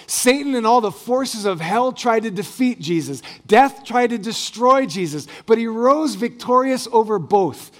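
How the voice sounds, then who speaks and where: A man preaching a sermon, reading scripture and talking with light humor, rising on big phrases and dropping soft at the ends of lines. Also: extremely high pitch, expressive, a little slow, few pauses. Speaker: pastor.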